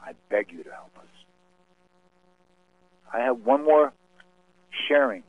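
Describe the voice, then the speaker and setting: A man giving a solemn, measured spoken-word appeal and reading, with dramatic pauses, as a guest on a radio show. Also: mid-range voice, lively intonation. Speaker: radio guest speaking for a cause. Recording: tinny phone line.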